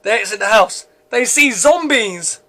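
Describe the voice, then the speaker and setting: A man's voice: high-pitched, lively intonation, unhurried, pushed and bright. A man reading aloud his own script as narrator, with frequent stumbles and restarts. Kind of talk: script read-through narration.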